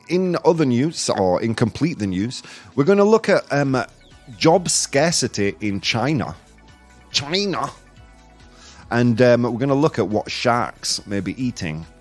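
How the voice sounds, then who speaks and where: A man hosting a chatty podcast, his voice rising and falling a great deal as he rambles and cracks jokes. His pitch sits mid-range for a man, and faint music plays behind him. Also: darkish tone. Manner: jokey and rambling, laughs at his own jokes. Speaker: podcast host. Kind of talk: casual live-streamed news chat.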